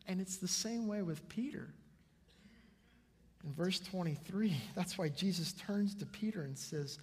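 A man preaching from the front of a church, his slightly high voice carrying a husky grain. He tells his stories with animation and acts out the people in them, and a long reverb hangs behind every line as it fills the hall. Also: normal speed. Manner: lively storytelling, acts out the people in his anecdotes. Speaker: pastor. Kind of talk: sermon. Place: church sanctuary before a congregation.

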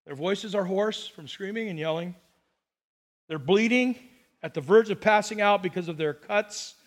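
A man's voice: high voice, normal speed, in a large hall. A man preaching a sermon as pastor, telling the story with jokes and acted-out quotes. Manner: animated storytelling, jokey asides and acted-out quotes.

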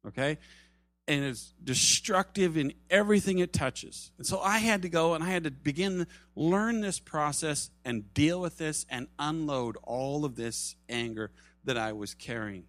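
A man preaching a sermon at a church service, animated, acting out quoted voices and dropping to soft tones for emphasis. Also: fairly high pitch, dry recording. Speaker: pastor.

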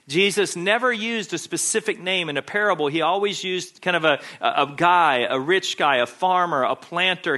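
A man's voice: high-pitched, pushed and bright. A man preaching a sermon, emphatic and insistent, hammering home his points by repeating key phrases.

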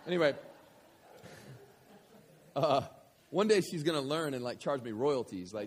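A man in his thirties, a pastor telling a story in a sermon, going from hushed to shouting. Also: mid-range voice, lively intonation, normal speed, pauses often, long reverb tail. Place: church hall with audience.

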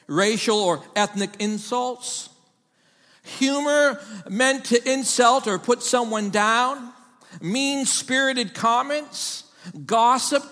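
High-voiced man preaching slowly in a hall. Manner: emphatic preaching, building to shouted call-and-response. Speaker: pastor. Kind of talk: sermon.

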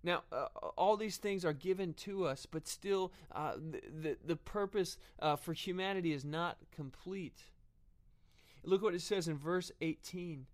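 A man preaching a sermon earnestly, often pausing with fillers and restarting his phrases. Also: sits high.

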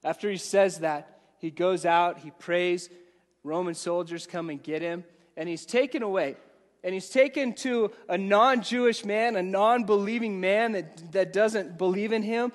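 A man's voice: high-pitched, a little slow. A man preaching an evening sermon, conversational and prone to repeating words as he speaks to the congregation. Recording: reverberant hall.

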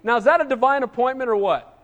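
A man's voice: extremely high pitch, fast talker, a bit bright, big-room sound. A man preaching a sermon as pastor, emphatic and conversational, often asking his congregation "Amen?".

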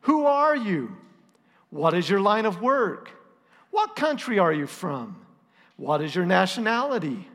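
A preacher voicing panicked sailors, loud and high. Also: male voice, sing-song, takes it slowly, pauses often, full character voice. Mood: demanding. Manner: loud pleading voice, raised high. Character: frightened desperate band of male sailors. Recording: long reverb.

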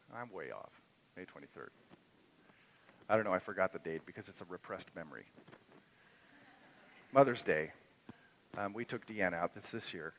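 A middle-aged pastor preaches to his congregation in a bright, forceful voice that sits fairly low. He tells a personal story in an easy, conversational way, then builds to impassioned emphasis. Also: a little hiss or hum, rough recording. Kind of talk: sermon. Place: church sanctuary.

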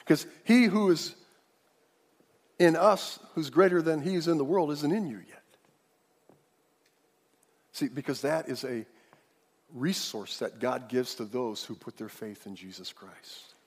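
A man's voice: fairly high pitch, measured pace, long pauses. A man pastor preaching an emphatic sermon, leading the congregation in call-and-response. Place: large church hall. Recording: reverberant church hall.

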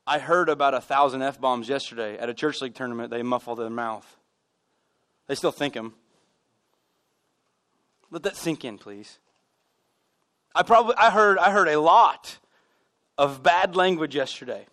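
A man preaching a sermon as pastor, telling animated stories with self-deprecating humor. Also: mid-range voice, normal speed, pauses often. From United States. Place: church sanctuary.

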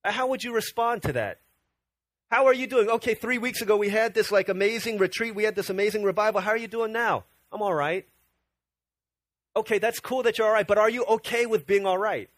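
A man with a high voice delivers a lively sermon. He talks to the congregation in a casual way and often restarts his sentences mid-thought. The sound is close and dry. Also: quick pace, dry recording. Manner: animated, conversational preaching with restarts. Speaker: pastor.

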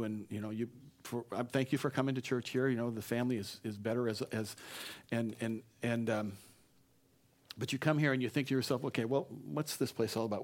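Man, pastor, sermon, mid-range voice, emphatic scripture reading, casual asides. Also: medium pitch. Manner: reads scripture aloud with emphatic, repeated phrases; conversational asides with frequent restarts.

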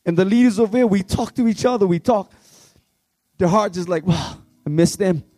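A man leading worship, preaching with fervent, pleading passion that swings from shouts to hushed tones. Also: high-pitched, a little fast, dry recording. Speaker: worship leader. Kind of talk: impassioned youth revival sermon.

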